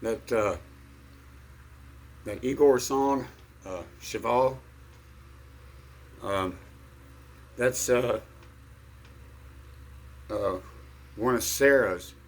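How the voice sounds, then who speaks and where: A middle-aged man telling a rambling personal story in a halting way, full of fillers and restarts. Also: mid-range voice. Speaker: vlogger.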